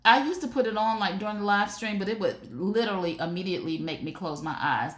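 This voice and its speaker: A woman hosting a live shopping stream, talking to her viewers in a chatty, animated way. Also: mid-range voice, fast, few pauses. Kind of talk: casual live stream product chat. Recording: roomy echo.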